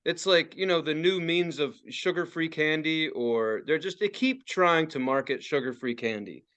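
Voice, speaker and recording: A man's voice: fairly high pitch, normal speed, a bit bright, clean tone, highs cut off. A man in his forties ranting and swearing as a podcast co-host, laughing often in casual talk. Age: 40s. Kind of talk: casual profane podcast rant.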